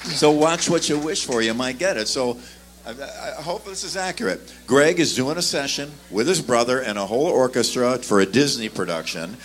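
A man's voice: medium pitch, normal speed. A man telling a story in a casual chat, acting out the voices of the people in it. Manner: animated storyteller, acts out voices. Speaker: bassist telling stories.

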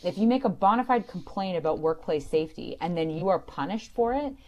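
A woman explaining employment law clearly and emphatically to a caller, as host of a call-in show. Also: lowish voice, animated, fairly quick, mellow, dull audio. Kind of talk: radio call-in advice.

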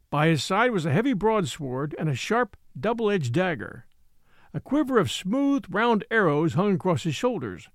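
Expressive male storyteller, lively pitch. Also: no room sound, clean studio sound. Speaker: narrator. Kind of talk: audiobook narration of an old tale.

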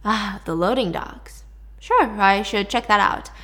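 A woman's voice: mid-range voice, unhurried, sharp tone. A woman voicing a sly police detective who asks probing, knowing questions.

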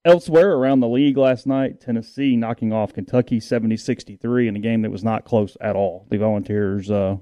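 A chatty man hosts a sports podcast, rambling loosely through game recaps. His voice is warm and mellow, recorded dry and close. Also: fairly low pitch, steady tone, fairly quick, few pauses, dry recording. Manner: rambling, chatty, with frequent restarts. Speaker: sports talk podcast host. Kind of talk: casual sports chat and sponsor reads.

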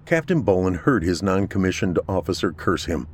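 A man giving a steady, measured scripted narration of a horror story. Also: sits low, slight background noise.

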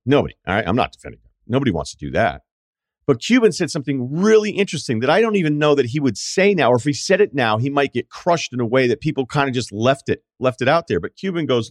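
Heard in studio quality with no room sound, this middle-aged man's voice is a little high. Hosting a sports podcast, he delivers a sarcastic, opinionated monologue, mocking people with impressions and side remarks.

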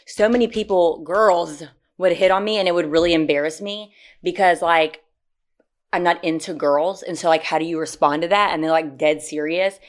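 A woman co-hosting a casual podcast with a low-pitched voice. She talks brashly, swears freely and laughs often as she trades stories. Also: normal speed. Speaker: podcast co-host. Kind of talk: casual chat.

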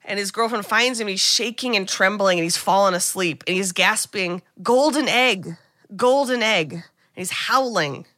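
Bright, animated woman podcast host. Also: mid-range voice, normal speed. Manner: animated, acts out characters' lines. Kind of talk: casual movie recap.

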